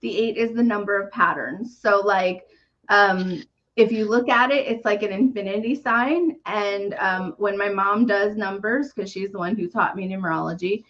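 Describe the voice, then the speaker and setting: A woman hosting a live numerology reading, talking gently and earnestly with soft fillers and small laughs. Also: medium pitch, normal speed. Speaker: numerology reader and podcast host. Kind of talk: live reading on a video call. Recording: dull lo-fi stream audio.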